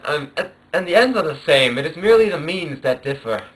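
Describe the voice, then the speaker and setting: Dude putting on a snooty book expert voice, fake accent, kinda high. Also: male voice, lively intonation, a bit bright, poor audio. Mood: haughty. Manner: lofty, measured phrasing. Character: pompous male literary analyst with a fake accent. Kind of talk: mock talk-show acting.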